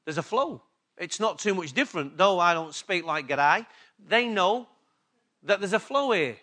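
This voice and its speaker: English pastor guy preaching, high bright voice, keeps repeating stuff and checking the crowd gets it. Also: lively intonation, normal speed. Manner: emphatic, repeats key words, asks the congregation questions. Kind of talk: sermon.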